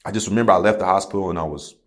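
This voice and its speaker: A man's voice: low-pitched, racing. A man in his thirties, a podcast guest, telling a personal story in casual, candid talk full of slang and swearing. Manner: candid, profane storytelling with slang like "bro" and "you feel me". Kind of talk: casual conversation.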